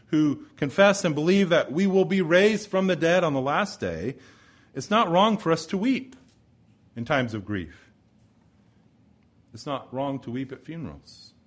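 A man preaching an expository sermon, moving between forceful emphasis and hushed, slow pauses. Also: fairly high pitch. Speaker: pastor.

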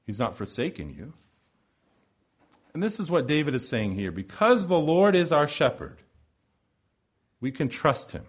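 Man preaching a measured, rhetorical sermon. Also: fairly high pitch, big pitch swings, husky. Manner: measured, rhetorical, with repeated phrases and swells of emphasis.

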